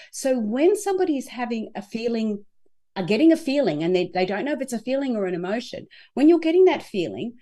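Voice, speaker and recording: A woman speaking as an interview guest, with a fairly high, mellow voice that swings widely in pitch. She talks in an animated way and acts out what she says to herself. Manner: animated, acts out inner dialogue. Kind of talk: conversational interview.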